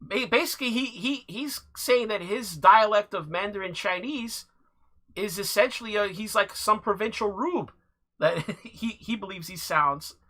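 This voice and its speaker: A man giving casual commentary over clips, halting and restarting with dry laughs. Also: sits high, sharp tone.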